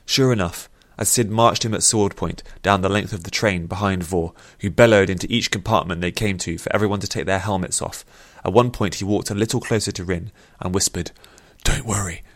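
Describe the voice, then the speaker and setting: Deep-voiced male audiobook narrator. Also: no room sound. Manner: steady, measured storytelling.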